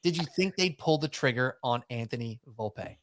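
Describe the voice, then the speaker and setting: A man hosting a sports podcast in casual chat, talking in animated, rambling runs and mocking himself. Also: mid-range voice, moderate pace, dry recording, studio quality. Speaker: podcast host.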